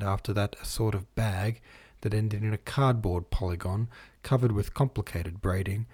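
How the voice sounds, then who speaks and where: Male reader, low husky voice, measured classic-novel reading. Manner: steady, measured reading that stops to explain footnotes. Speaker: audiobook reader.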